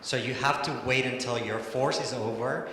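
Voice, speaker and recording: A man's voice: mid-range voice, normal speed, a bit bright. Man coaching in an echoey hall. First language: Spanish. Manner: encouraging, counts and scats rhythms. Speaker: ballet coach. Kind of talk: live coaching in a studio. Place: large echoey studio hall. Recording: echoey hall, faint noise.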